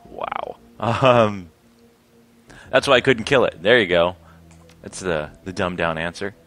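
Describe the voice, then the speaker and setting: A man's voice: low voice, expressive, slow, long pauses, a bit bright. A man playing a computer game, commenting casually with self-mocking jokes. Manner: joking asides, self-mocking. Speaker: let's play gamer.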